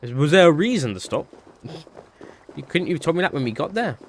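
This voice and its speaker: A man's voice: a little high, big pitch swings, brisk, a little hiss or hum. A man giving casual, chatty commentary while playing a game, talking offhand to himself.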